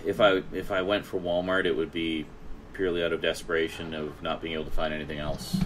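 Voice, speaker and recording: Male streamer host, deep voice, rambling casual chat, soft hiss behind. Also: little pitch movement, fast talker. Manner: rambling, laughs often, many fillers.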